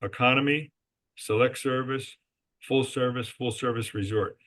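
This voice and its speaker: This man's voice sits at medium pitch, a bit bright, with fairly even intonation and an unhurried pace. As a podcast guest and resort company executive, he emphatically shares business stories and replies to his own rhetorical questions.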